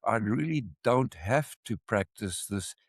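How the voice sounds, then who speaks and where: An older man with a South African accent, an expert witness talking in a measured, emphatic way and repeating points for stress. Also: fairly low pitch, lively intonation, slightly rough, dry recording. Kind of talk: casual interview talk.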